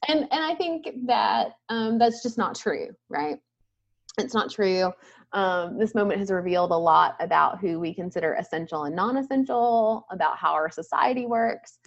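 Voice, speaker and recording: A woman's voice: medium pitch, expressive, normal speed, creaky, highs cut off. A woman in her thirties talking as a guest in a casual conversation, thoughtful and often ending points with a questioning "right?".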